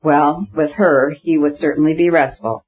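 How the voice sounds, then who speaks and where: A man reading the part of a gentle, practical married woman in an audiobook. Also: a little high, fairly even intonation, normal speed, highs cut off, natural voice.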